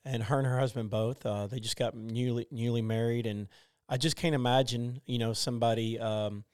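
A man in his forties talks through a faith question in a relaxed group chat, stopping and restarting often. His voice is smooth and clear. The sound is close and dry. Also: medium pitch, dry recording. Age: 40s. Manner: halting, many fillers and restarts. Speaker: group discussion member. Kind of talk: casual faith discussion.

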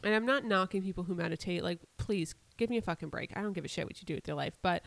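A young woman with a fairly low voice, co-hosting a podcast in a loose, sarcastic ramble. She swears freely and rants with a mocking edge. Her voice is recorded close and dry. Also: quick pace, creaky, hardly any pauses, fairly bright tone, no echo. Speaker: podcast co-host. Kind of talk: casual chat.

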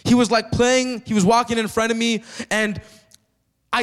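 A man preaching a sermon in church with lively energy, often turning to the congregation with questions. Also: very high voice, moderate pace, clear, resonant tone. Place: church sanctuary. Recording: long reverb of a church hall.

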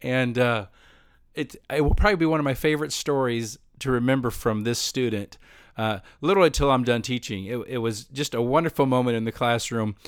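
A man's voice: medium pitch, fairly quick, clear, resonant tone, dry recording. Man telling classroom stories, dry sound. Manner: rambling, self-correcting, animated when quoting others. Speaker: middle school choir teacher. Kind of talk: personal storytelling.

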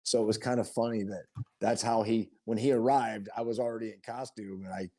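A man being interviewed as a guest, talking about his film project in an earnest, halting way with frequent restarts. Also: lowish voice, fairly even intonation, dark tone. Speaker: guest filmmaker and performer. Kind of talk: casual conversational interview.

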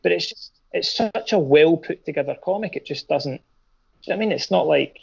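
A man's voice: fairly high pitch, a little fast, creaky, darkish tone, husky, muffled recording. A man chatting casually about comics on a podcast, hesitant, with many ums and restarts.

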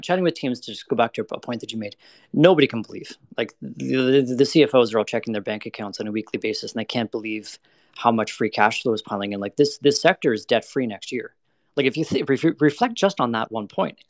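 A man's voice: medium pitch, dry recording. A man being interviewed about energy investing, talking bluntly and candidly, with lots of "like" and "you know.". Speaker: energy investment manager guest.

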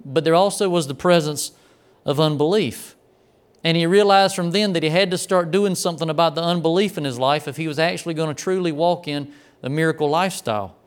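男性牧師の説教、澄んだやや高めの声. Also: male voice, fairly high pitch, a little fast. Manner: acts out quoted lines, shifting between loud commands and quiet asides. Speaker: pastor. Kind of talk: sermon storytelling.

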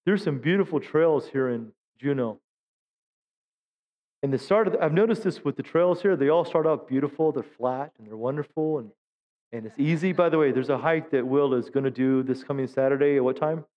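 A middle-aged man preaching a sermon as a pastor, telling humorous stories and acting out quotes in high voices. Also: a little fast, long reverb tail, lo-fi sound. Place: church sanctuary.

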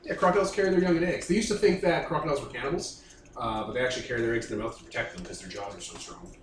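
A man running a tabletop game as game master, making quick jokey asides. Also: medium pitch. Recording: roomy, distant mic with faint background noise.

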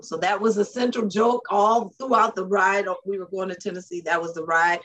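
Co-host, woman, husky voice, animated storytelling, easy laughter. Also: medium pitch, moderate pace. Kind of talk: casual chat.

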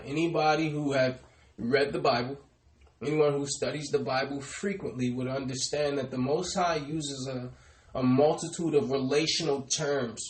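A man preaching a sermon, often calling his listeners "brothers and sisters" with phrase endings that trail off softly. He slows down to press home key words. His voice sits at a middle pitch, and the room has a noticeable echo. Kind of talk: sermon with scripture call-and-response.

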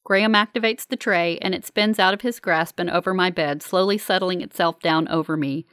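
A woman narrating a first-person novel as an audiobook, in a wry, measured manner. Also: lowish voice, fairly bright tone, dry recording, clean studio sound.

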